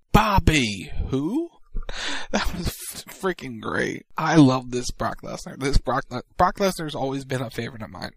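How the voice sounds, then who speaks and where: A man's voice: medium pitch, no echo. A man co-hosting a casual wrestling podcast, recapping the show with enthusiastic storytelling. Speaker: podcast co-host.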